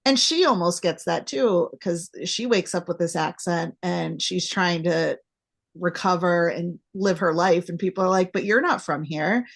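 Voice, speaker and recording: A woman hosting a podcast chats easily with her guest. Her voice sits a bit low and carries a gravelly fry. She turns animated whenever she acts out her own reactions. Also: a little slow. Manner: chatty, animated when acting out reactions. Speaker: podcast host. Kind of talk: casual interview chat.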